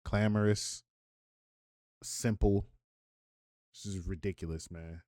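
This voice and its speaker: A man's voice: fairly low pitch, steady tone, takes it slowly, mellow, no room sound, studio quality. A man hosting reaction commentary on a clip, mocking and incredulous, then delivering preachy rebukes. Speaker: commentator and host.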